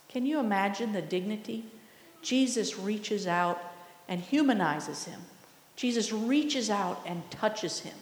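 A woman's voice: mid-range voice, darkish tone. A woman preaching a sermon, earnest and teaching in manner. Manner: earnest, teaching, slow and deliberate. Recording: echoey hall, long reverb.

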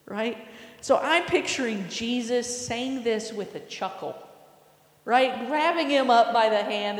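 A woman preaching a sermon, telling a story with imagination and asking her listeners questions. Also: fairly high pitch. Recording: echoey hall with long reverb.

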